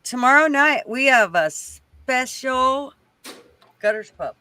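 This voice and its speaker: A man's voice: very high voice, lively intonation, takes it slowly, sharp tone, smooth, no echo. A man on a casual livestream, teasing the others and swearing freely. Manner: teasing, profane.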